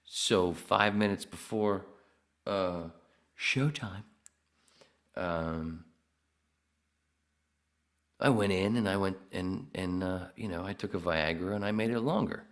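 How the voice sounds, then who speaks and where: Male podcast host, deep and slow-talking, riffs crudely on his live chat. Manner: crude, joking, self-mocking. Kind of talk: solo livestream chat reading.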